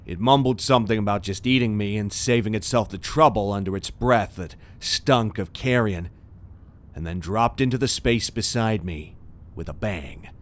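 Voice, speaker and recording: Low-voiced man narrating a horror story. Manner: tense, dramatic storytelling. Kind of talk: scripted first-person horror narration.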